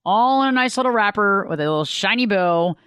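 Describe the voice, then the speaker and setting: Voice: medium pitch, expressive, fairly quick, fairly bright tone, smooth, no echo, clean studio sound. A radio talk show host, delivering a folksy, conversational monologue.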